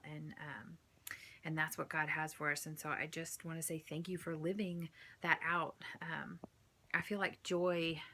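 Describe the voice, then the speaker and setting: Low creaky-voiced woman, reflective. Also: sharp tone. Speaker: daughter. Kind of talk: heartfelt thank-you message.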